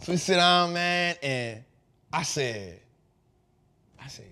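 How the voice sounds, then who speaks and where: Animated man telling a story. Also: a little high, slow pace, clear, resonant tone. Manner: animated, slangy, shifts from loud to hushed. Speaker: host. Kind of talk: casual storytelling.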